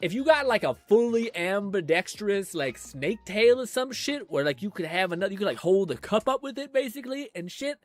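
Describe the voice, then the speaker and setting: A man's voice: sits high, big pitch swings, brisk, hardly any pauses, soft background music. A young man streamer giving casual, rambling reaction commentary, laughing and swearing often.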